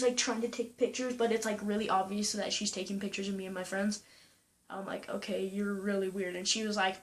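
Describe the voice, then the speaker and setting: A young woman vlogging casually, retelling a story with lots of "like" and quoting people in a higher voice. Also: fairly bright tone. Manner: chatty, full of "like" and "I'm like", quoting others in a higher voice.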